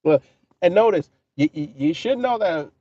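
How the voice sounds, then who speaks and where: A man's voice: high-pitched, lively intonation, moderate pace, dry recording, dull audio. A man hosting a casual livestream, talking in a profane, mocking way and answering his chat. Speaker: livestream commentary host.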